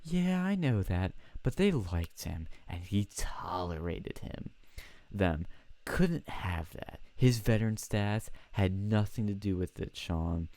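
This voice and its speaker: A man's voice: lowish voice, expressive, slow, darkish tone, no room sound. A man putting on a smug gloating young club president. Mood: dismissive. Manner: smug, taunting.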